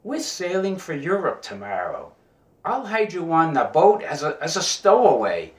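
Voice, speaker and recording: A man voicing a smooth-talking young sailor in a joke, in a fairly roomy recording. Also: on the high side, wildly swooping pitch, moderate pace. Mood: persuasive. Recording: roomy echo.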